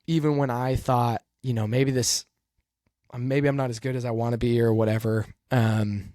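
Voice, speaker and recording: A man hosting a podcast about his racing life, telling a personal story in a halting, earnest way with many pauses and fillers. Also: medium pitch, flat delivery, dark tone, no echo, clean studio sound. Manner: emotional, earnest. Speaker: podcast host and race car driver.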